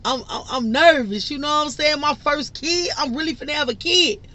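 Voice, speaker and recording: A young woman imitating her boyfriend, a nervous, brash young man muttering in a lowered, quiet voice. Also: a little fast.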